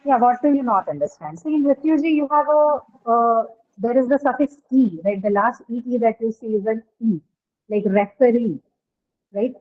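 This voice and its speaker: A woman's voice: on the high side, moderate pace. A woman teaching stress patterns in an online class, checking with "right?" as she explains. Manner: explanatory, asks "right?" often. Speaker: English teacher. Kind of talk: online phonetics lesson. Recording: tinny online call audio.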